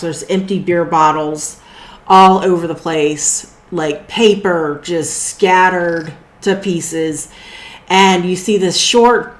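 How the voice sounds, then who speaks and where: A woman's voice: fairly low pitch, echoey room. A woman narrating a tabletop role-playing game as game master, in a loose, filler-filled way. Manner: loose, with frequent fillers and restarts.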